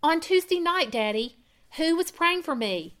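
A woman voicing a distraught young adult daughter who pleads in a high, tearful voice. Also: moderate pace, mellow, lightly acted. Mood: insistent.

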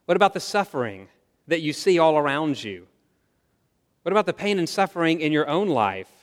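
A man's voice: a little high, sing-song, a little fast, long reverb tail. A man preaching a sermon to his congregation in an earnest, conversational way, asking them questions. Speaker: pastor. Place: church sanctuary.

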